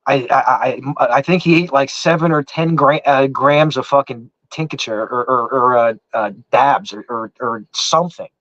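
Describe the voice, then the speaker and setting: With a medium-pitched, slightly bright voice, a man with an East Coast accent rambles through a long story in casual chat, swearing heavily and restarting with lots of "I said." He talks at a normal speed with few pauses. The recording has no room sound but comes across dull, muffled and lo-fi.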